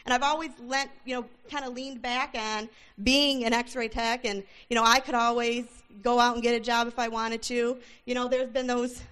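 A middle-aged woman giving a church testimony, telling her story in an animated way and acting out the dialogue. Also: on the high side, normal speed, few pauses, smooth. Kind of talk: testimony sermon.

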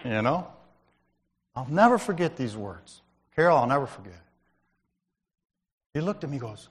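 A man's voice: medium pitch, sing-song, moderate pace, pauses often, slightly rough, big-room sound. A man giving a testimony at church in a conversational, storytelling way, calling out to listeners by name. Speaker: lay speaker at church. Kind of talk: sermon-style testimony.

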